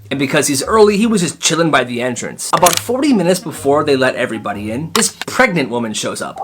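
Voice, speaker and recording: A young man narrating storytime clips in a chatty, animated way, with quick asides to the listener. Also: a little high. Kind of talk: storytime narration for short videos.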